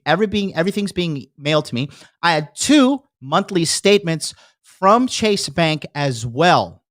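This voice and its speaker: A man's voice: fairly high pitch, dry recording, studio quality. A man hosting a podcast, telling a heated story in a casual, profane rant and acting out the people he quotes. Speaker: podcast host. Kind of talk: casual ranting monologue.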